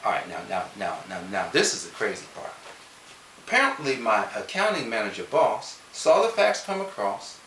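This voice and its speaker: This man, a motivational speaker, animatedly relates a personal story, his bright but lowish voice swinging widely in pitch at a normal speed. Lively and conversational, he keeps turning to the audience with direct questions. The mic is distant, leaving an echoing, roomy sound with a faint hiss beneath.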